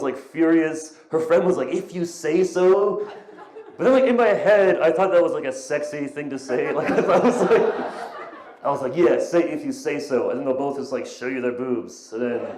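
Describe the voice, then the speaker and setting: A man's voice: medium pitch, a little mellow. A young man in his twenties doing a rambling, self-deprecating stand-up set, stammering and restarting his lines. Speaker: stand-up comedian. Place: small comedy venue. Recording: echoey, poor-quality live room recording. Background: audience laughter.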